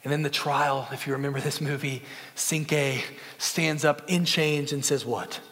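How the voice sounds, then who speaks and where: Young male pastor, earnest conversational sermon, lightly raised pitch, long hall reverb. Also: little pitch movement, normal speed, fairly bright tone. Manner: earnest, conversational with film references.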